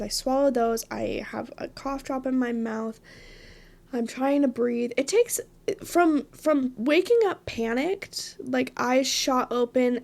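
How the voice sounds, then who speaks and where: A woman hosting her own podcast, telling a story with dramatic flair and quick asides. Her voice sits high, with a gravelly fry at the ends of phrases. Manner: animated, dramatic retelling with frequent laughs and asides. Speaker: podcast host.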